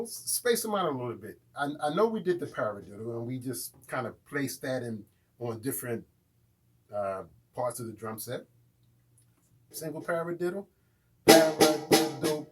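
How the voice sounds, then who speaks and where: A man's voice: medium pitch, lively intonation, brisk, slightly rough, soft background music. A man teaching a live beginner drum lesson, chanting rudiment names and counts as he plays and checking in with "right?". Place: room with a drum kit. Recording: loud drums under the voice. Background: drum kit playing.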